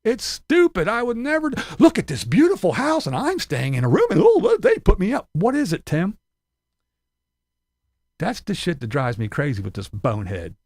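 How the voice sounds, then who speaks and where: A man's voice: on the high side, huge pitch swings, moderate pace, darkish tone, dry recording. A man ranting in profane, sarcastic commentary, laughing between his jabs. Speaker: commentary channel host.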